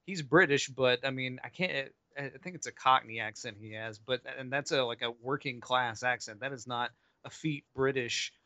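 A man's voice: mid-range voice, normal speed, few pauses, pushed and bright, no echo. A man co-hosting a movie podcast, chatting loosely with profane, laughing asides. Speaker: podcast co-host. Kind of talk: casual movie podcast chat.

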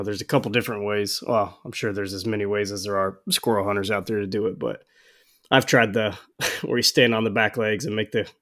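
A man's voice: on the low side, fairly bright tone. A man hosting a casual hunting podcast, talking in a laid-back, rambling way with fillers and the odd slip. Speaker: podcast host.

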